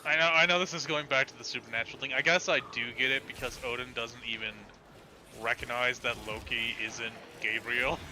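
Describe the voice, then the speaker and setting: A man explains game mechanics and lore at length in a casual chat, slipping in dry jokes. His voice has an ordinary middle pitch. Steady background noise is clearly audible under his voice. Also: a little fast. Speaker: podcast co-host playing a video game. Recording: noisy background.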